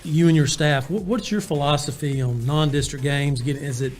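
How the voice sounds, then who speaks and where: A man's voice: on the high side, normal speed, few pauses, darkish tone. A man, a sports show interviewer asking a coach questions in a conversational way with fillers.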